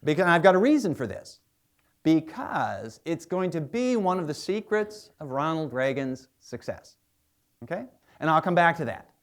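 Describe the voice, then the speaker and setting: Animated male lecturer telling stories. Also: on the high side, normal speed. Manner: animated, chatty storyteller with many asides. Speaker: historian and biographer giving a lecture. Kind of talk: public lecture, storytelling.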